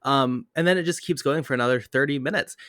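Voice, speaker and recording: Man, middle pitch, dry close sound, podcast host steering a film discussion. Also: quick pace, fairly bright tone, no echo. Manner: steers the talk, asks the others questions. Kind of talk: casual film review chat.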